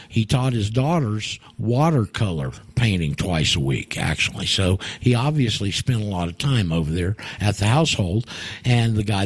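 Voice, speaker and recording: A man's voice: medium pitch, darkish tone, dry recording. Rambling radio host, a man. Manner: rambling, storytelling, with many fillers and restarts. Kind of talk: call-in radio talk.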